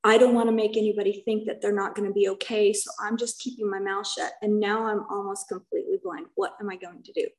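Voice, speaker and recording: A woman's voice: mid-range voice, level tone, fast talker, few pauses, rough recording. A middle-aged woman giving a personal testimony at a recovery meeting, earnest and conversational, often checking in with her listeners.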